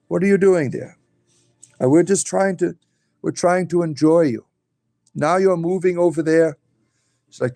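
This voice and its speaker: A man's voice: on the high side, a little slow, vocal fry, pauses often, warm tone. A man hosting a casual livestream from home on his phone, rambling to his pet rabbits and answering the chat. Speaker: livestream host.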